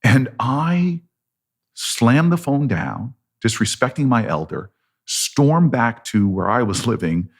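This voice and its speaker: This man in his fifties, American-accented and appearing as a politician guest, has a medium-pitched voice and speaks slowly but with animation. He recounts a long story, playing both parties in each conversation.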